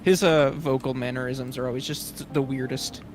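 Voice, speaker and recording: A man's voice: medium pitch, steady tone, moderate pace, darkish tone, a little hiss or hum. A man chatting casually alongside a streamer, giving offhand opinions. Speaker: co-host friend. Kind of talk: casual chat.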